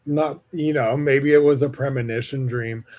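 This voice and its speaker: A man's voice: mid-range voice, fairly even intonation, moderate pace, a little mellow. A man hosting a solo podcast, talking in a casual, rambling way with lots of fillers and swearing. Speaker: podcast host.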